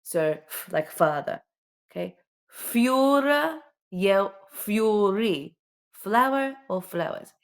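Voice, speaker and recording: A woman's voice: mid-range voice, lively intonation, slow. A woman teaching children the alphabet, patiently sounding out each letter and often checking in with "okay?". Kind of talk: slow alphabet lesson for children.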